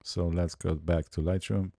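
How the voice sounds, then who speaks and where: This deep, creaky male voice keeps a moderate pace while he edits photos in a screen-recorded tutorial, describing each move. Relaxed, he often mutters to himself, and the studio sound is clean without echo.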